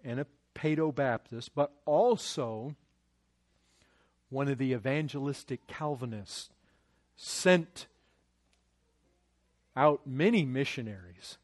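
A man's voice: mid-range voice, takes it slowly, long pauses. A man preaching a sermon, pleading with growing intensity and many restarts. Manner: impassioned, rising to loud pleading, with many restarts.

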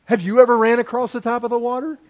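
A male preacher with a high-set voice delivers a sermon. His delivery is animated and jumps from loud exclamation to soft aside. The recording is slightly muffled and lo-fi. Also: fast talker.

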